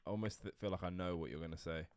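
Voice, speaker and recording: A woman's voice: very deep voice, fairly even intonation, racing, a little mellow, no echo. A woman co-hosting a live stream, playful and jokey as she bounces off the host. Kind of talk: casual live-stream chat.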